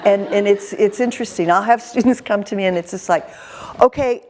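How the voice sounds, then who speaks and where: A woman in her fifties, a career counselor, telling lively stories in an interview with an intense manner and frequent laughter. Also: medium pitch, fast talker, a crowd in the background. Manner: animated, laughing storyteller. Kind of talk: storytelling in an interview.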